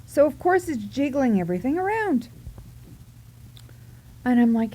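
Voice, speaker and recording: A woman telling a funny story from her own life, chatting at an unhurried pace in a slightly high voice. She keeps giggling and acts out her own reactions as she goes. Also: sing-song, warm tone. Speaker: vlogger. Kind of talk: casual storytelling.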